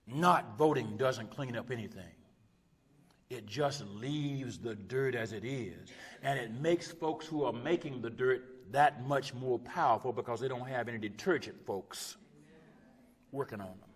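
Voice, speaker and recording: A man preaching a sermon as a pastor, impassioned, with repeated rhetorical phrases that swing from loud urgent peaks to hushed low drops. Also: unhurried. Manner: repetitive rhetorical cadence. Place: church sanctuary. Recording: long church reverb.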